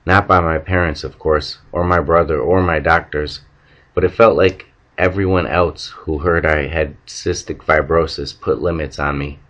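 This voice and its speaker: A man reading a novel aloud at a steady, measured pace. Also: a bass voice. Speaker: audiobook reader. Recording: dull lo-fi recording.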